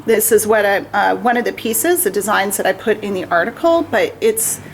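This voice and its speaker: A woman's voice: mid-range voice, lively intonation, normal speed, a little hiss or hum, low-quality recording. Chatty upbeat woman hosting a craft show. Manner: chatty and upbeat, laughs often. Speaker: shop owner hosting a craft livestream. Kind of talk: casual craft demonstration chat.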